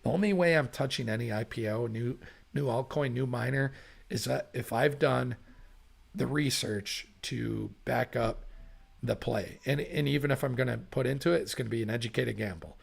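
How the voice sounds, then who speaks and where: Gravelly-voiced man talking through charts. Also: medium pitch, moderate pace. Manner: chatty, thinks aloud, self-correcting. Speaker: livestream market analyst. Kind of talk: casual livestream chart commentary.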